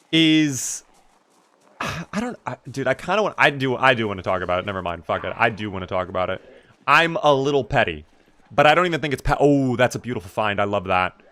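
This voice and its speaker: A male streamer talks through his game in a relaxed, chatty way. His pitch sits in the middle of the range but jumps upward when something excites him. He keeps up an easy flow of casual talk while answering chat. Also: normal speed, long pauses, dry recording. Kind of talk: casual live-stream gaming commentary.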